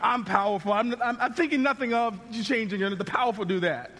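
A male pastor preaching in a high, lively voice. He talks conversationally and often restarts his sentences, and every word trails off into the long reverb of a large hall. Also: quick pace, slight background noise. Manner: conversational, animated, with frequent restarts. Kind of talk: sermon.

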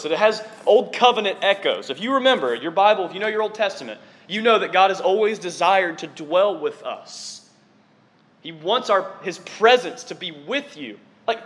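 A man preaching a sermon to his congregation in an excitable, conversational way, often dropping in casual fillers. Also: on the high side. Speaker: preacher on staff.

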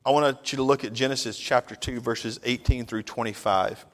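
A man's voice: medium pitch, fairly even intonation, normal speed, hardly any pauses. A man preaching a sermon to his congregation, folksy and conversational, telling jokes and asking if they are with him. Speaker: pastor. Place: church worship hall. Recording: reverberant hall.

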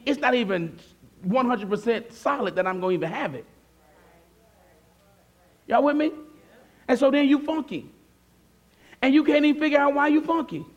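A pastor preaching a sermon with a high, light voice for a man. He speaks in a conversational way and keeps checking in with the congregation through questions. He acts out their replies in a softer voice.

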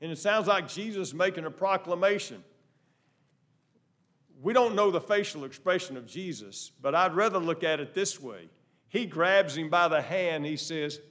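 Animated man preaching a sermon. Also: a little high, moderate pace. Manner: animated preaching, swinging from loud emphasis to soft asides. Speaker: pastor.

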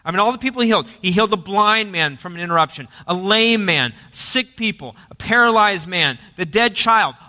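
A man pastor preaching a sermon, emphatic, with loud dramatic quotes. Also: sits high, expressive, fairly quick, hardly any pauses. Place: church sanctuary. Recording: church hall reverb.

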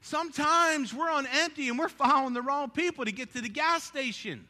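A male pastor preaching a sermon, telling stories with animated conversational asides. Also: extremely high pitch, a little fast, few pauses, long reverb tail.

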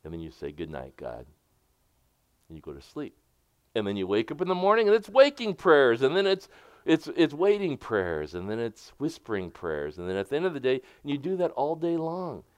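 A man preaching a sermon as pastor, moving between emphatic points and hushed, softly spoken prayers. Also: on the high side, very animated, a little fast, dry recording. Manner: swings from bright emphatic preaching to hushed near-whispered prayers.

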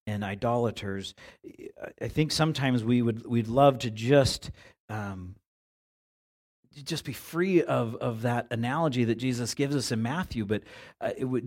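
A man preaching a sermon as pastor in a church, talking in a conversational way and often repeating words as he searches for phrasing. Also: mid-range voice. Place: church sanctuary.

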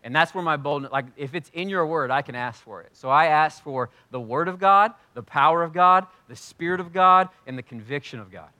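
A man preaching as pastor to his congregation, energetic and joking, with loud bursts of emphasis as he leads a prayer time in church. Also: on the high side, a little fast, few pauses, lo-fi sound. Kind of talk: sermon leading congregational prayer. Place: church sanctuary.

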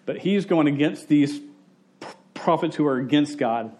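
Lively preacher, man. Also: a little high. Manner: conversational storytelling with quick voice shifts for quoted people; jokey and self-interrupting. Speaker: pastor. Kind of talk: sermon.

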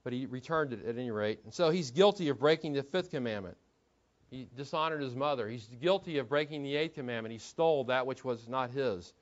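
A man's voice: medium pitch, expressive, brisk. A man preaching an expository sermon in a conversational way, asking the listeners rhetorical questions. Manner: conversational, asks rhetorical questions, repeats words while thinking. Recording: dull lo-fi recording.

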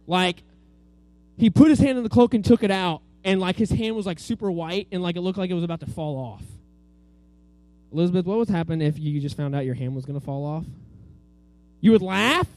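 A man's voice: high voice, expressive, fairly quick, pauses often, darkish tone. A man teaching a children's Bible lesson, telling the story with energy and asking the kids to repeat words after him. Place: room with a group of children.

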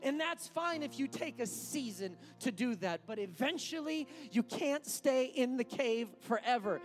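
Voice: high voice, expressive, measured pace, few pauses, over music. A pastor preaching an impassioned sermon to a congregation watching online, building intensity through repetition.

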